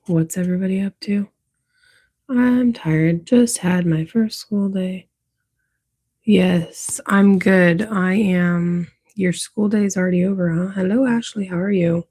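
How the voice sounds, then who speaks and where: Mellow, husky woman in her thirties. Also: mid-range voice, unhurried. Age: 30s. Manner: greets viewers, plays with whispering. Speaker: livestream host. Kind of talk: casual live-stream chat.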